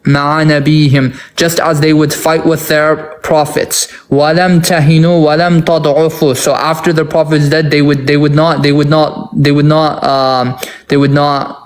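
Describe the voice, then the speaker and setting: A man's voice: a little high, level tone, normal speed. A man in an online debate, reading classical Arabic passages aloud and translating them into English line by line, with many restarts.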